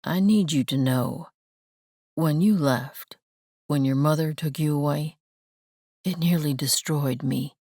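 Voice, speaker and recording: An earnest young man speaks low and soft with heartfelt remorse, as a woman narrator reads him. His voice sits a touch deeper than hers, unhurried, in a dry close recording. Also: dry recording, full character voice. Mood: tender.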